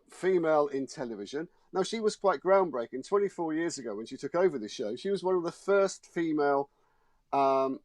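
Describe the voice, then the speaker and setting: A showbiz journalist, a man appearing as a guest in a studio discussion, presses his case with indignant emphasis and repeats words. His fairly high voice is a little mellow, and there's no room sound.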